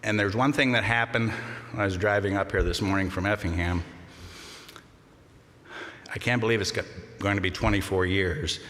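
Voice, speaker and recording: An older man giving a memorial eulogy, telling fond anecdotes with gentle humor. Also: on the low side, steady tone, normal speed, long pauses. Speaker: eulogy speaker. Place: large congregation hall. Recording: long reverb of a large hall.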